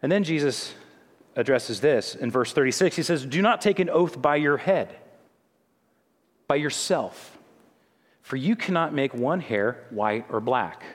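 A man's voice: mid-range voice, animated, unhurried, long pauses. Middle-aged guy preaching, chatty and stumbly, voice rings out in a big echoey church. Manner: conversational preaching with frequent restarts. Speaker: pastor. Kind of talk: sermon. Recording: long hall reverb.

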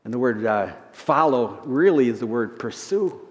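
A male pastor preaching a sermon, rising loud and high when reading scripture and dropping soft for asides. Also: lively intonation, moderate pace, big-room sound.

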